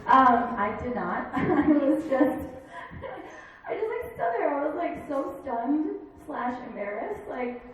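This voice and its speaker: Woman comic in her thirties working a bar stage, chatty storytelling with quick voiced bits, picked up far off in a very echoey room. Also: high-pitched, sing-song, fairly bright tone. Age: 30s. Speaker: stand-up comedian. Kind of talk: stand-up comedy set.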